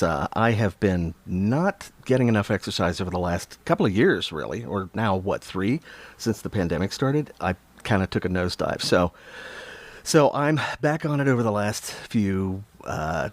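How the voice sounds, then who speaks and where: A slightly breathless man with a fairly low voice hosts a casual autograph-signing livestream, greeting viewers by name and chuckling often as he chats. The recording has no room sound.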